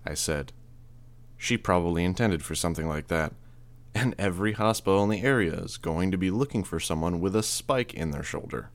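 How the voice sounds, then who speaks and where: A man reading a first-person audiobook in a steady, measured way. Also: low-pitched, no room sound. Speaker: audiobook narrator.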